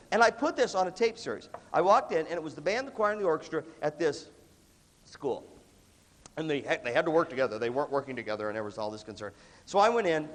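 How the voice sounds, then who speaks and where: A man giving a live motivational talk to a large student audience, conversational and coughing now and then. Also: mid-range voice. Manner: conversational, acts out quoted students. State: coughing repeatedly. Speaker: motivational speaker. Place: large hall with a big audience. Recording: long hall reverb.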